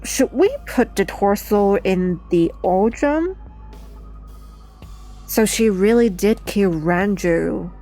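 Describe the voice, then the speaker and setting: Woman gamer thinking out loud during a playthrough, slow relaxed pace. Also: medium pitch, soft background music. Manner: thinking aloud, unhurried and chatty. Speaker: let's play streamer. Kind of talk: casual game playthrough commentary.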